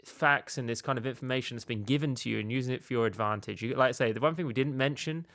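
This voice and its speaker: A man's voice: mid-range voice, fast talker, fairly bright tone, dry recording, clean studio sound. A man hosting a casual video game tutorial, talking in a rambling, conversational way with frequent filler phrases.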